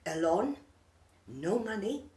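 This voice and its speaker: In a medium-pitched, dark, sing-song voice, slowly delivered, an immigrant woman in her 60s speaks earnestly in broken English. The talk is heartfelt, emotional and personal, recorded with the mic far off in an echoey room.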